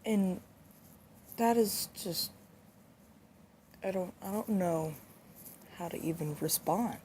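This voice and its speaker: Young woman vlogger, mellow and lowish voice, angry phone rant, lots of swearing. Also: takes it slowly, slight background noise. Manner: indignant, swears a lot, repeats herself.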